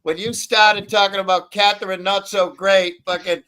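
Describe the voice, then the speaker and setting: A man's voice: high voice, flat delivery, normal speed, bright, forceful tone. A man hosting a crude, casual live stream, teasing and rambling with profanity. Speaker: stream host.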